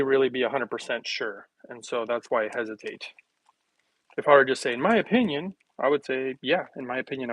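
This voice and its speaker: A man chats loosely to his viewers from his kitchen, trailing off, circling back and laughing at his own jokes. His voice sits at an ordinary middle pitch and is recorded dry and close, with no room echo. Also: a bit bright. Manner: rambling, joking, laughs often, talks to viewers. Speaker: health livestream host. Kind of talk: casual livestream chat.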